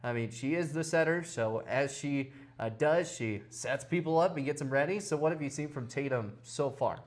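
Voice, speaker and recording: A man's voice: a little high, moderate pace. A man hosting a sports interview show, asking long, rambling questions in a casual way.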